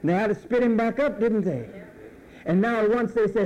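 A man's voice: high voice, moderate pace, a little mellow, poor audio. A male pastor preaching a sermon emphatically, drawing out phrase endings and letting them fall.

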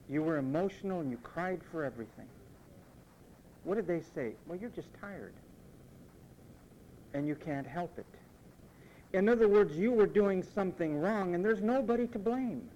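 A man preaching a sermon, emphatic and repetitive, mimicking what others say in quick asides. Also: on the high side, a little mellow, low-quality recording.

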